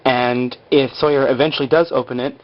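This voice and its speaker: A man's voice: mid-range voice, fairly even intonation, fairly quick, muffled recording. A man casually recapping a TV episode over stick-figure drawings, chatty and rambling with lots of "like". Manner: chatty, rambling, full of "like" and acted quotes.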